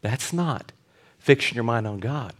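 Brief: middle-aged male pastor, fairly high voice, lively sermon delivery with loud peaks and hushed moments. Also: normal speed. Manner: animated preaching with sudden loud bursts and quiet asides.

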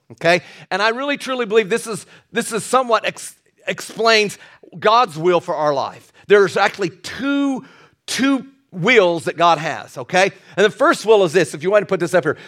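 High-voiced joking older preacher. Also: male voice, lively intonation, normal speed, fairly bright tone. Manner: folksy and joking, with many restarts and asides. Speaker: pastor. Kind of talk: sermon.

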